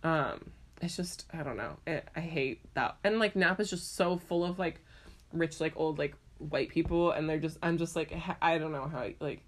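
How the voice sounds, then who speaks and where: A woman's voice: deep voice, normal speed. A young woman talking casually, rambling with many "like"s and "um"s and sounding sincere and frustrated. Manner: rambling, lots of "like" and "um"; sincere, frustrated about unfairness. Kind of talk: casual chat.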